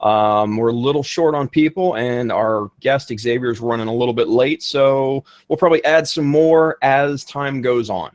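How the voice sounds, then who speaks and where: A man's voice: medium pitch, moderate pace, few pauses, dry recording, clean studio sound. A man co-hosting a casual live hobby talk show, joking and rambling with fillers. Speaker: co-host. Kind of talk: casual livestream chat.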